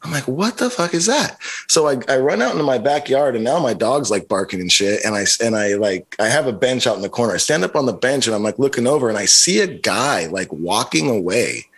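A man's voice: medium pitch, expressive, a little fast, hardly any pauses, fairly bright tone, slightly rough. A middle-aged man co-hosting a podcast, telling a long story in a rambling, profane way with lots of "like" and "you know". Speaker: podcast co-host. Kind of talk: casual chat.

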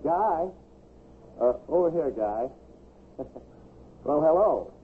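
Bruno, a giggling, unhinged killer. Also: male voice, a little high, expressive, takes it slowly, husky, exaggerated voice. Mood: eager. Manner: sly, wheedling, giggling. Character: unhinged, ingratiating young man, a murderer. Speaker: villain. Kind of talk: 1950s radio drama acting. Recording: tinny, hissy 1950s radio broadcast.

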